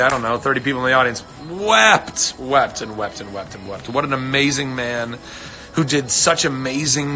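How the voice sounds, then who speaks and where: Bright-voiced man rambling on a livestream. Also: mid-range voice. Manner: rambling, earnest, swears freely. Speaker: livestream host answering fans. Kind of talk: casual livestream chat. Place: home on a ranch.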